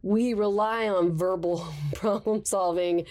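A woman's voice: mid-range voice, fairly even intonation, slow pace, a little mellow. A woman guest psychologist explaining thoughtfully in conversation, with light laughs. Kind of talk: conversational expert interview.

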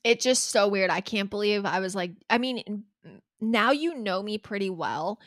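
A young woman co-hosting a podcast, telling stories in an animated casual way, swearing and laughing often. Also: mid-range voice, moderate pace, dry recording, studio quality. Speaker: podcast co-host. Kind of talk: casual chat.

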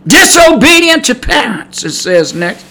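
A middle-aged man preaching a sermon on his podcast, fiery and loud at the warnings, chatty and easygoing in his asides. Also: very high voice, very animated, measured pace, poor audio. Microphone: podcast mic.

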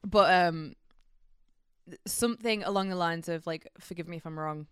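Smooth, low-voiced woman chatting casually. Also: moderate pace, fairly bright tone, no echo, clean studio sound. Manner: rambling, with many fillers; laughs easily. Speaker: podcast co-host. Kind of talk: casual chat.

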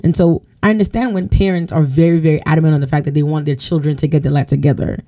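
A woman co-hosting a casual podcast chat, speaking in a very dark, mellow tone. She talks earnestly and fast, sometimes slipping into what a calm parent would say. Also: low-pitched. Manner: earnest, fast-talking, acts out a parent's replies. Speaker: podcast co-host.

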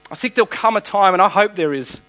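An Australian man preaches a sermon from a church stage. His voice sits a touch higher than most men's, and he drives his points home with repetition, stopping and restarting as he goes. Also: fast, fairly bright tone, soft background music, poor audio. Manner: emphatic preaching with repeated phrases and restarts. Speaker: pastor.

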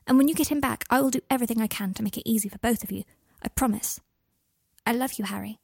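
An earnest, anxious young woman pleads and apologizes in a lifted, soft voice, as a woman reads her. The delivery stays close and dry, with no room sound. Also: quick pace, vocal fry, husky, no echo. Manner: apologetic, pleading, raised pitch.

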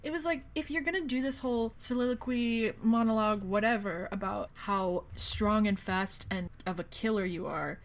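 A woman's voice: medium pitch, moderate pace, hardly any pauses. A young woman co-hosting a podcast, making sarcastic, joking remarks about a book in casual chat. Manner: wry, sarcastic commentary with dry jokes. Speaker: podcast co-host.

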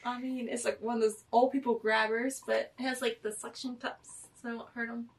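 A woman's voice: on the high side, little pitch movement, brisk. A woman co-hosting a casual podcast, teasing and bossy, laughing often. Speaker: podcast co-host. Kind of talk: casual chat. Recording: voice from a distance off the mic.

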